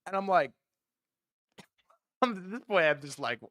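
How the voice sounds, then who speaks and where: A young man hosts a stream and tells stories casually, swearing often and putting on voices for the people in them. His pitch swings widely as he talks. The sound is dry and close, with no room echo. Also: a little slow, long pauses. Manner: animated, profane, switching voices for quoted people. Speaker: stream host. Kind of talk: casual storytelling with acted quotes.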